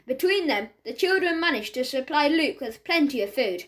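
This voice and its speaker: A woman reads a children's storybook aloud with clear, steady narration. Her voice sits high. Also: normal speed. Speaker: audiobook narrator.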